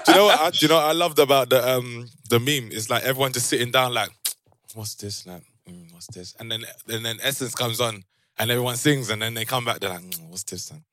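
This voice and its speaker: A man's voice: medium pitch, fast, a bit bright, dry recording. A man in casual podcast chat, teasing and mock-indignant. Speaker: podcast co-host.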